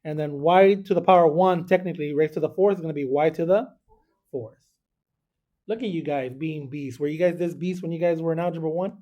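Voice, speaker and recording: A man's voice: a little high, fairly quick, dark tone. A man teaching a math class, talking through arithmetic step by step and checking in with students. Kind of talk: classroom lesson.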